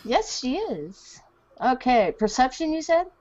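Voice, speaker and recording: A woman player chatting at a tabletop role-play game, lively, with a pitch that jumps widely. Her voice comes through a dull, lo-fi mic. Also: a little slow, crowd noise. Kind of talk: casual table talk.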